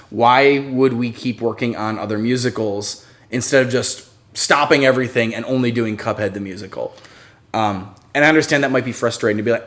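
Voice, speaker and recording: Man, live stream co-host, relaxed and rambling, mid-pitched voice. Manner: relaxed, rambling with many fillers. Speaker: channel co-host. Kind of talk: casual live-stream chat.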